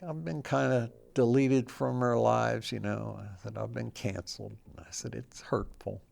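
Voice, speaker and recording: A man's voice: medium pitch, fairly even intonation, normal speed, vocal fry, a little mellow. An older man, a guest in an interview, telling his personal story in a plain-spoken, reflective way.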